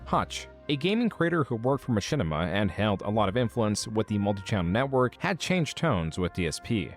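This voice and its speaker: A man reading scripted documentary narration in a measured, even way. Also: fairly low pitch. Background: music underneath.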